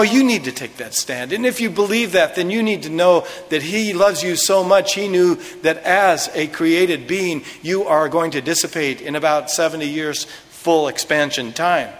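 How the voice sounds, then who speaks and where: A man preaching a sermon to a congregation, animated, swinging from raised, excited passages to hushed, quiet lines. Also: fairly high pitch, big-room sound. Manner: animated preaching with dramatic drops to a hush. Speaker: pastor. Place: church sanctuary before a congregation.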